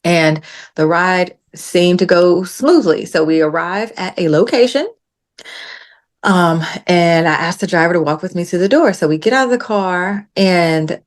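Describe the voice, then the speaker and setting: A woman guest on a podcast, telling a story in casual chat and acting out the quotes with lively jumps in her voice. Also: on the low side, unhurried. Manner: animated retelling with acted-out quotes.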